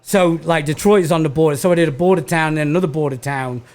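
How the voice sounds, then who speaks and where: A man's voice: fairly high pitch, fast talker, a little mellow. A man from England with a Manchester accent, a comedian guest telling blunt, profane stories in casual podcast chat. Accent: Manchester English.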